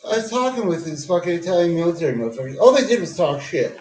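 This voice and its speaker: A man with a rather high voice rants casually to camera, swearing constantly and rambling from one point to the next. His voice bounces around an echoey room. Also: expressive, fast, darkish tone. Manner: profane, rambling rant with frequent "dude".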